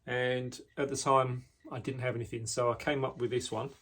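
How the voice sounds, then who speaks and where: A man casually showing the knives he makes, talking in a relaxed way with frequent ums and restarts, indoors in his workshop. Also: mid-range voice, normal speed. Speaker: knife maker. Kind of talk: casual product walkthrough.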